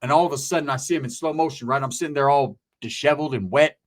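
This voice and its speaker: Animated, profane man telling a wild story. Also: mid-range voice, quick pace. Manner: animated, profane, street slang, sound effects. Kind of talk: casual storytelling chat.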